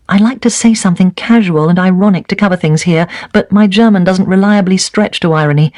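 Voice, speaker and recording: A man reading a first-person memoir aloud at a steady, even pace. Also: high voice, dry recording. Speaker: reader of a set text.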